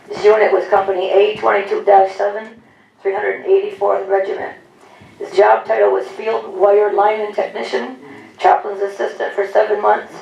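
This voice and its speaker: A woman's voice: medium pitch, creaky, a little mellow. Woman reading tributes in an echoey hall. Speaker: announcer reading veterans' service stories. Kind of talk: read-aloud tributes at a public event. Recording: echoey room, distant mic, faint noise.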